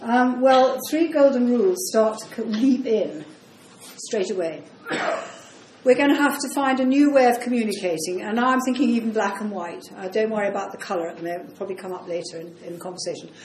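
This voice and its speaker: A woman giving a lecture on dementia care, brisk and explanatory with frequent ums. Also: medium pitch, a little mellow, a little hiss or hum. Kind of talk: lecture talk to an audience. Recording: roomy echo.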